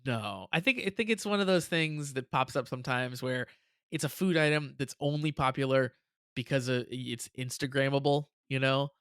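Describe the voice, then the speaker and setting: A man co-hosting a casual reaction podcast, chatty and quick to laugh as he recaps episodes. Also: mid-range voice, clear, resonant tone, no echo, clean studio sound. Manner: chatty, laughs often, animated retelling. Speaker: podcast co-host.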